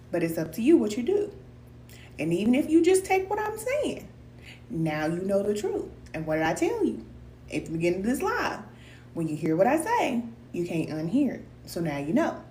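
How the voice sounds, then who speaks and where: Woman, spiritual teacher, encouraging casual pep talk, echoey room, far from the mic. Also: a little high. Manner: warm, encouraging, calls viewers cousin, repeats for emphasis; loose colloquial speech. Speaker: spiritual teacher hosting a live stream. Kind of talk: casual live-stream pep talk to viewers. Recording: echoey room, distant mic, faint hum.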